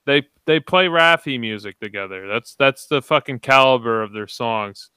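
A man's voice: medium pitch, moderate pace, bright, forceful tone, clear, resonant tone, no echo. A man chatting casually about a movie, sarcastic and swearing often. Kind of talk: casual movie review chat.

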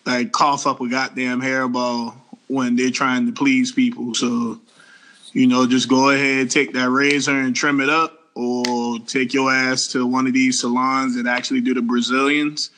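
A man's voice: medium pitch, level tone, measured pace, a bit bright. A man co-hosting a casual group chat, blunt, profane and emphatic. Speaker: podcast co-host.

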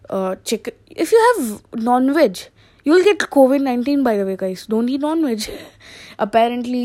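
A woman's voice: medium pitch, warm tone. A young woman who hosts a casual, rambling comedic podcast monologue and laughs at her own jokes.

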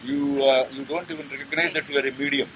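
A man with a mid-range voice presses his questions persistently and calmly. Steady background noise runs under everything he says. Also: medium pitch, fast. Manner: probing, persistent. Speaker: interviewer. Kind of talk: conversational questioning. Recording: noisy room recording.

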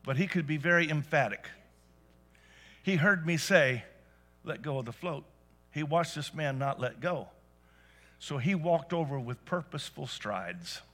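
A man preaching a sermon to a church congregation, telling stories and rising to loud emphatic peaks. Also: on the high side. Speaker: pastor. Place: church service.

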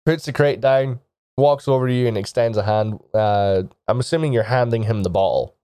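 A man narrating a tabletop game as game master, in a halting way with frequent restarts. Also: medium pitch, mellow, smooth, no echo, clean studio sound. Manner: halting, with many restarts and laughs.

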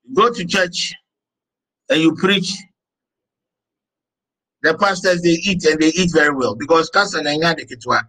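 Male teacher, high-pitched, deliberate dictation and joking asides. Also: bright, forceful tone, low-quality recording. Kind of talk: teaching session.

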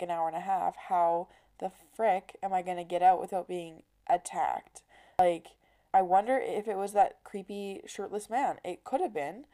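Twenties woman rambling thru a story on her podcast, says like a lot, warm lowish voice. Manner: chatty, heavy use of "like", animated quoting. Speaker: podcast host. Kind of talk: casual storytelling monologue.

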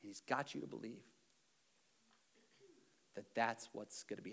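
A male pastor preaching an animated sermon, swinging between loud urging and hushed earnestness, with self-deprecating humor. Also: fairly low pitch, unhurried, vocal fry.

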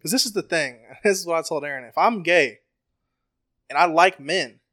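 A man co-hosting a podcast, talking in crude casual banter and laying out long questions loudly with lots of swearing. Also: a little high, animated, moderate pace. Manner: loud, profane, lays out questions at length. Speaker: podcast co-host.

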